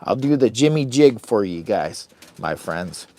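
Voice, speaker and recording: Very animated yet a little slow, his low, darkish voice carries a chatty phone livestream from inside a heated tent. He's a vlogger on a camping trip, rambling casually and pushing viewers to like and share.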